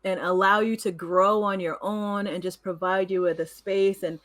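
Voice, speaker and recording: A woman's voice: mid-range voice, fairly even intonation, normal speed, a bit bright. A woman co-hosting a casual podcast chat, talking in an earnest, reflective way and laughing between points. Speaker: podcast co-host.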